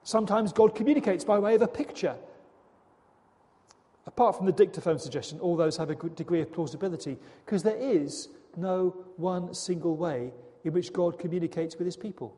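Male preacher, high pitched, earnest and questioning, reverberant hall sound. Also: a little fast, mellow. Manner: earnest, dramatic, with rhetorical questions. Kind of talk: sermon.

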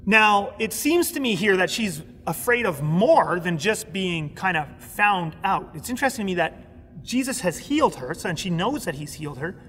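Animated man preaching, high voice. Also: moderate pace, slightly rough, long reverb tail. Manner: animated, acts out voices of people in the story. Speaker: pastor. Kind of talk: sermon teaching. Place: recorded for an online audience.

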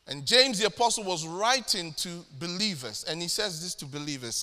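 A man delivers a sermon in a church hall, his voice high and bright. He is emphatic and slows right down to press home key phrases, and a long reverb trails his words. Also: expressive. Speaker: pastor.

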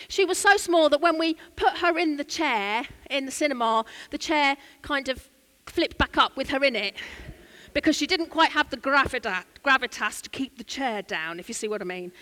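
Chatty English woman preaching, high voice. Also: a bit bright. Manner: chatty, storytelling, asides to the congregation. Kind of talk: sermon with personal story. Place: church.

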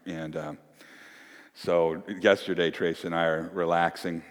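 A middle-aged man preaching a sermon, telling a family story and acting out the quotes in lively voices. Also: fairly low pitch, a little slow. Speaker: pastor. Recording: long hall reverb.

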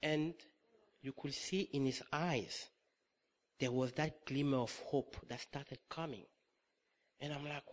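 A middle-aged man preaching a sermon, telling a personal story with lively acted-out dialogue and frequent laughter. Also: medium pitch, moderate pace, a little hiss or hum. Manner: animated storytelling, acts out dialogue, laughs often.

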